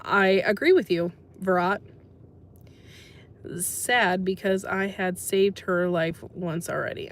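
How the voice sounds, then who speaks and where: Medium-pitched and a bit bright, this American woman runs a laid-back livestream, reading chat comments out loud. She's chatty and sympathetic, filling her talk with ums.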